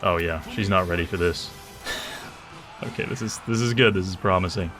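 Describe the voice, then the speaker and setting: A man giving casual gameplay commentary, sardonic and excitable, with loud outbursts of mock anger. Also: sits low, normal speed, over music. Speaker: gaming YouTuber.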